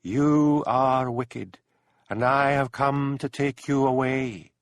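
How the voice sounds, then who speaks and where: A man voicing an unearthly whispering fairy spirit that slowly mocks and threatens. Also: medium pitch, fairly even intonation, no echo, studio quality, pitched above the performer's own voice. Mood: mocking eerie. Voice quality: whispery, silvery, drawn-out. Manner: slow, mocking and cackling. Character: eerie whispering fairy voice, mocking and menacing.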